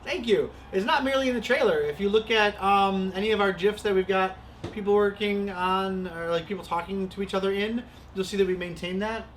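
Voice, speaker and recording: A man hosting a livestream, reading out viewer comments in relaxed, casual chat. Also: high-pitched, brisk, slight background noise. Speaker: host.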